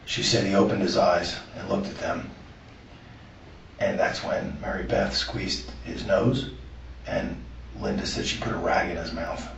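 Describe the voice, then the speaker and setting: A man being interviewed, giving an earnest, halting account of a conversation he recorded. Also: sits low, steady tone, creaky, a bit bright, slight background noise. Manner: earnest, halting retelling with restarts. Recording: echoey room, far from the mic, muffled.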